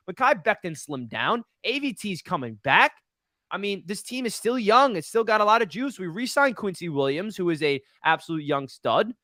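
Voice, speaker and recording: A young man hosting a casual sports fan chat, excitable and rambling with lots of fillers. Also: sits high, no room sound, studio quality. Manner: excitable, fast-talking, many "like" fillers. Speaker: podcast host.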